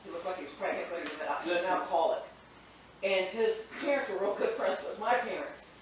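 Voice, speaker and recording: A woman's voice: on the low side, fast talker. A woman who works as a teacher, casually telling funny stories, acting out quotes and laughing often. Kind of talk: casual storytelling. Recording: echoey room from far off with faint noise.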